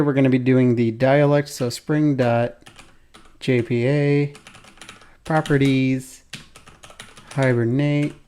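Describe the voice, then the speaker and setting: A man's voice: medium pitch, darkish tone, a little hiss or hum. A man hosting a code-along programming tutorial, thinking aloud as he types, with keyboard typing behind him.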